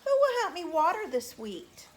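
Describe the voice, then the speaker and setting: A woman's voice: extremely high pitch, sing-song, normal speed, voice pushed up. A woman voicing a hardworking hen in a storybook tale, asking earnestly and emphatically.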